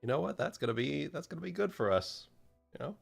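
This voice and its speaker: Gravelly, lively-pitched male player. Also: fast talker, soft background music. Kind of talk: casual chat at a game table.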